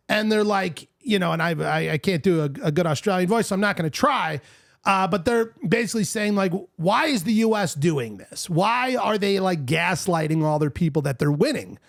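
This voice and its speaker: An excitable man hosting a podcast, talking in a high, bouncy voice that swings widely in pitch. His tone has a gravelly edge, and the sound is close and dry. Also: no echo. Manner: animated, excitable, says dude a lot. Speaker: podcast host. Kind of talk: casual chat.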